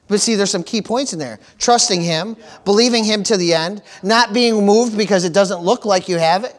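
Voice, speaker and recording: A man's voice: high-pitched, normal speed. A man preaching a sermon as pastor, calling out for amens and repeating key phrases for emphasis.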